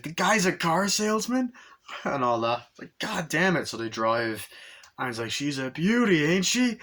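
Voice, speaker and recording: A young man with a bright, forward voice chats through a movie review. He rambles and swears as he retells the scenes, and he jumps into quick impressions of the lines. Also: on the low side. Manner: rambling, profane retelling of scenes, acting out quotes. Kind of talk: casual movie review chat.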